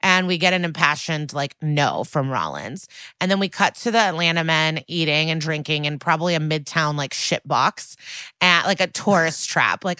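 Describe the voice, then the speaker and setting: A woman's voice: deep voice, sharp tone, smooth, no room sound. A woman podcast co-host recapping a TV episode in a casual, sardonic, swear-heavy chat. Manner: sardonic, profane, chatty.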